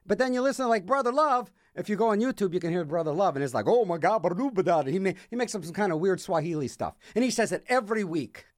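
A male radio host talks from a studio with wry sarcasm. His voice sits high and swings a lot in pitch. The sound is dry and close, with no room echo. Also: lively intonation, fast talker, hardly any pauses. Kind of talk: rambling radio chatter.

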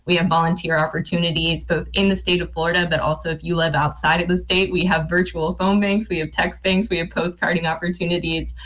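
A woman's voice: lowish voice, flat delivery, fast, hardly any pauses, fairly bright tone, low-quality recording. A woman guest speaking urgently and directly, making an earnest appeal for a campaign.

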